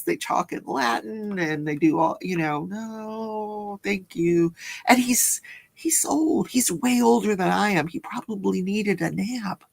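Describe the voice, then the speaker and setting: A chatty woman hosts a casual livestream, giggling often as she reads out viewer comments and reacts to them. Her voice has a gravelly, creaky edge and sits at an ordinary middle pitch. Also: a bit bright. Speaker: livestream host. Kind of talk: casual live-stream chat.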